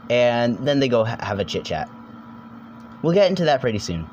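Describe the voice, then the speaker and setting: A man's voice: lowish voice, expressive, highs cut off. Young male video essayist, rambling comedic narration, off-the-cuff jokes, faint background noise. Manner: rambling, jokey, swears, quick silly voices.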